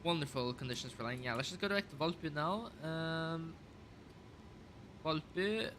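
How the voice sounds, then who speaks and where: Here a man with a slightly high voice and a fairly bright tone streams a simulated airliner flight at a moderate pace. He reads off checklist items and muses aloud, filling gaps with lots of fillers, over slight background noise.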